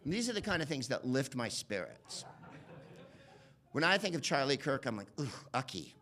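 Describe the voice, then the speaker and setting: A man doing stand-up comedy, rambling and profane, slipping into quick voice impressions. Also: medium pitch, very animated, pushed and bright. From United States. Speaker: comedian and podcast host.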